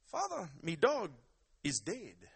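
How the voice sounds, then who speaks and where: A man's voice: huge pitch swings, takes it slowly, slightly rough, big-room sound, exaggerated voice. A man putting on an Irish accent to voice a poor countryman pleading for his dead dog in a sermon joke. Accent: put-on Irish. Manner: pleading, lilting, high-pitched.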